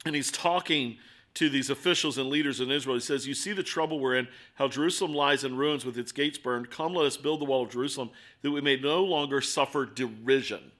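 A middle-aged man preaching a sermon, asking rhetorical questions and moving between quiet asides and emphatic points. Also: a little high. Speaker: pastor.

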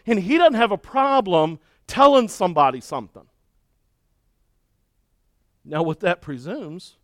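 A middle-aged man preaching a sermon and telling a story with lively, acted-out shouting and cheering. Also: high-pitched, no room sound, clean studio sound. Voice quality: balding. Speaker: pastor.

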